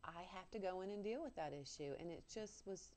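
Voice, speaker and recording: A woman's voice: on the low side, expressive, fairly quick, darkish tone. A woman guest telling a personal story on a talk show, earnest and candid with self-mocking humor.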